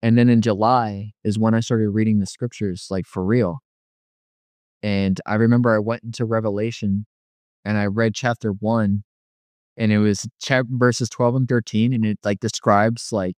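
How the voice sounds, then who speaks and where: A man's voice: on the low side, steady tone, normal speed, darkish tone, no room sound, clean studio sound. A young man telling a personal faith story in casual, slangy speech, acting out his own past reactions. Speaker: guest sharing his testimony.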